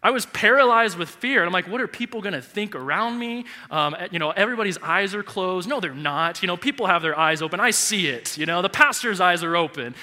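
A male pastor in his thirties preaching a sermon in a large church, telling a personal story with animated, heartfelt delivery. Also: high voice, fairly quick, hardly any pauses. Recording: echoey church hall reverb.

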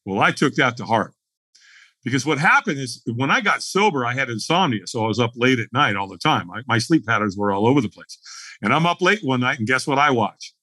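A middle-aged man telling his story as a podcast guest, animated and acting out the dialogue as he goes. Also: mid-range voice, brisk, husky, no room sound.

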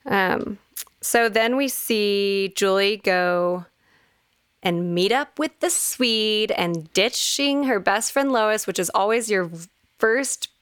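A woman's voice: mid-range voice, takes it slowly, fairly bright tone, smooth, dry recording, studio quality. A woman co-hosting a podcast, chatting and picking apart a TV episode with lots of "like"s. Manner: chatty, analytical, many "like"s. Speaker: podcast co-host. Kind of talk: casual TV recap chat.

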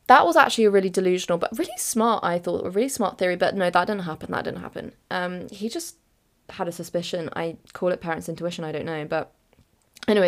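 A young woman in her late teens telling a chaotic, giggly story on her podcast. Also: fairly low pitch. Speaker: podcast host.

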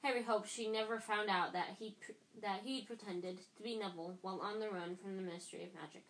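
A woman reading a novel aloud, steady, with small stumbles that she corrects as she goes. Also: medium pitch, a little fast, slight background noise, low-quality recording. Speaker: reader.

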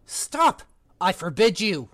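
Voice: mid-range voice, sing-song, slow, a bit bright, no echo, studio quality. Blustering panicky uncle, read by an amateur reader. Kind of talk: amateur read-aloud of a novel.

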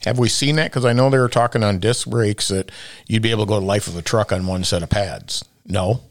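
Man host, lowish voice, chatty and rambling, dry close mic. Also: fairly quick, no room sound. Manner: chatty, rambling, asks lots of questions. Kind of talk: casual work chat.

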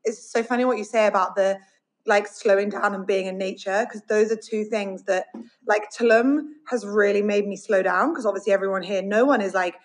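A woman's voice: medium pitch, fairly even intonation, a little fast, rough recording. A woman from the UK as a podcast guest in casual chat, talking openly and rambling with many fillers. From United Kingdom. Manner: rambling, open, many likes.

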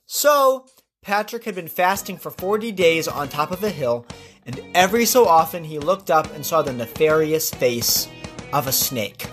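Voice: mid-range voice, lively intonation, moderate pace, fairly bright tone, soft background music. A podcast storyteller retelling legends, breaking in with casual asides to the listener. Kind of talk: storytelling narration.

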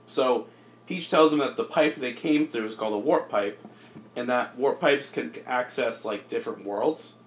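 A man talks at a middle pitch in a loose, rambling way, full of "like" and restarts, as he pitches a cartoon movie plot. His voice bounces off the walls of an echoey room. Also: normal speed, a little hiss or hum. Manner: rambling, filler-heavy, jumps into silly voices. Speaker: podcast co-host pitching a movie. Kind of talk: casual comedic podcast chat.

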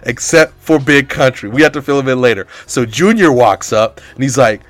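A young man telling a comedic story in a rambling, animated way, full of filler words. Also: medium pitch, moderate pace, no room sound, soft background music.

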